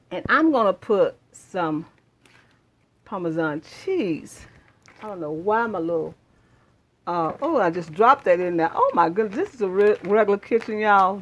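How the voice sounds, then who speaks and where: A woman's voice: mid-range voice, slight background noise. A woman hosting her own cooking channel in her home kitchen, chatting straight to viewers and repeating her praise as she cooks. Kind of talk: casual cooking demonstration.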